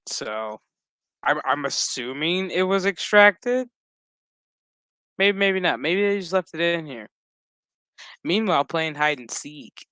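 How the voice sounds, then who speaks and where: A man's voice: fairly high pitch, bright, forceful tone, clean tone, no echo. A man giving a loose, profane, rambling recap of a TV episode, full of fillers. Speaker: TV episode reviewer.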